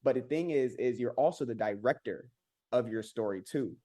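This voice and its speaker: A man telling his own story as a podcast guest, earnest and halting, with many repeated words and restarts. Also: medium pitch, warm tone. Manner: rises sharply when mimicking others. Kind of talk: candid personal storytelling.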